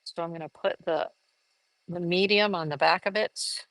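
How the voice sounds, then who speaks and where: Woman, art teacher, live demo, chatty and upbeat, lowish voice, dry close sound. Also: steady tone, normal speed, a bit bright, no echo. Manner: chatty, enthusiastic, thinks aloud as she works.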